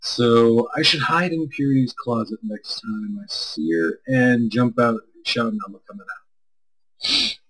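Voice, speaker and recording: A man's voice: mid-range voice, measured pace, few pauses, a bit bright, low-quality recording. A man co-hosting a live stream, answering chat in a loose, rambling way and swearing freely. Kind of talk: casual chat.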